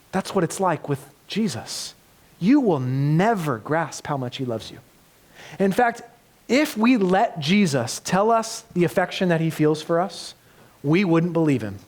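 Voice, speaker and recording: Earnest preacher man, slightly high voice. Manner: earnest, swings between loud emphatic and soft hushed. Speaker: pastor. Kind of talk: sermon. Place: church.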